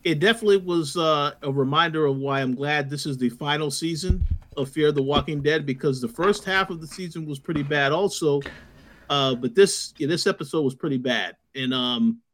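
A man co-hosting a podcast, giving measured, hesitant opinions. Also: fairly high pitch, a bit bright. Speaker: podcast co-host. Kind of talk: casual podcast chat.

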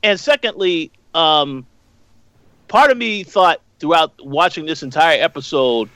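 A man with a bright, forceful voice recorded dry and close. He is co-hosting a casual discussion and works through his points one at a time in a measured way. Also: on the high side, lively intonation, dry recording. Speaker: podcast co-host.

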